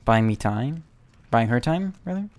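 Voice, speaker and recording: A young man giving chatty, casual commentary while playing a video game, talking to himself and sometimes breaking into excited yells. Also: mid-range voice, a little slow. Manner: chatty, self-talking, bursts into excited yelling. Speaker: gaming YouTuber.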